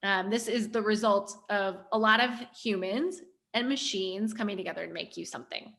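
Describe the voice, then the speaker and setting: A woman hosting a workshop, gently and playfully guiding a group through a mindful-eating ritual over a video call. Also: medium pitch, normal speed, creaky. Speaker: workshop host.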